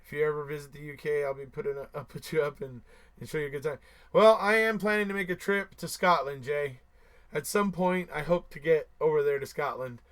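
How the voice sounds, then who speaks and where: A man's voice: on the high side, fairly quick, fairly bright tone. A man hosting a casual live stream, reading viewer comments aloud and answering them, who repeats himself for emphasis and chuckles between remarks.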